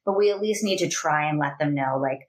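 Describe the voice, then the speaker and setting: A woman's voice: deep voice, a little fast, low-quality recording. A woman in her forties, a family educator, talking earnestly in an interview with lots of "you know" fillers. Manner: earnest, animated, many fillers. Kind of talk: conversational interview.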